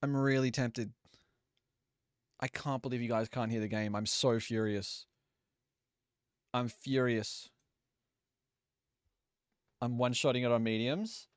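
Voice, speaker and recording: Smooth dry-voiced young male streamer. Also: medium pitch, steady tone, slow pace, long pauses, dry recording. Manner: chatty, swears freely, apologetic about audio trouble. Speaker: live game streamer. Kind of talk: casual live gameplay commentary.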